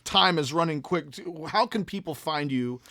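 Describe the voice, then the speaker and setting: A man hosting a podcast, chatting casually and agreeing warmly with his guest. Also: on the high side, animated, a crowd in the background. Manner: friendly, quick affirmations. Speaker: podcast host.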